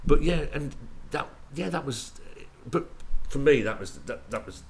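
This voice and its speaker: A man's voice: medium pitch, animated, normal speed, gravelly, a little hiss or hum. An English man, a musician guest, telling rambling stories in casual slang, full of restarts.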